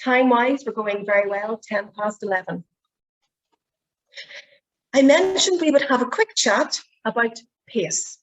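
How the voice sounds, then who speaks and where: A middle-aged Northern Irish woman teaches presentation skills in an online workshop, her fairly high voice animated and unhurried, with long pauses. The recording is rough. She's chatty, explaining things by demonstrating voice habits.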